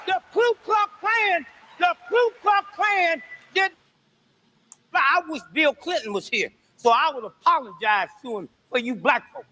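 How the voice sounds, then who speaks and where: A man's voice: extremely high pitch, expressive, measured pace, bright, forceful tone, rough recording. A man giving an impassioned, preaching-style speech to an audience that calls back to him, repeating his lines for effect. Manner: fervent, rhetorical, repeats lines with call-and-response. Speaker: speaker addressing a responsive audience.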